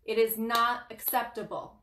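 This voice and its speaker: A woman's voice: a little high, level tone, moderate pace, a bit bright, echoey room, a little hiss or hum. A woman hosting a spiritual guidance livestream, giving an emphatic motivational talk. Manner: passionate, emphatic, laughs often.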